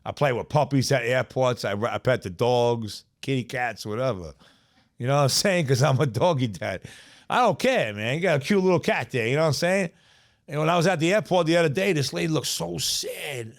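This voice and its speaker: As a guest on a podcast, this middle-aged South Bronx man tells streetwise, profane stories in a New York accent and keeps saying "you know what I'm saying." The chat is casual, and his voice is medium-pitched, animated and fairly quick.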